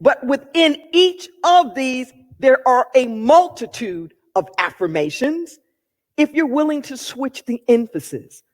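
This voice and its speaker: A woman's voice: high-pitched, animated, unhurried, in a large hall. A woman minister giving a sermon, emphatic and repeating key phrases for weight.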